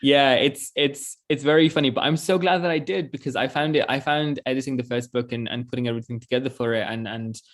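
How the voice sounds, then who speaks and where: A man's voice: medium pitch, fairly even intonation, quick pace, hardly any pauses. A man in his twenties, an author, talking earnestly in a casual interview over a video call, often laughing and restarting his sentences. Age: 20s.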